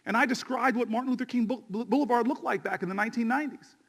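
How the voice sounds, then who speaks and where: Man, fairly high voice, politician, rally speech, passionate storyteller, rising to shouts. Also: racing. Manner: impassioned storytelling, building to shouted refrains.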